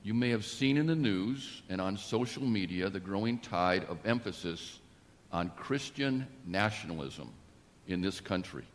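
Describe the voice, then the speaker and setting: A man preaching a sermon in a measured, deliberate way, with emphatic rises. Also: on the low side, animated. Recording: long reverb of a church.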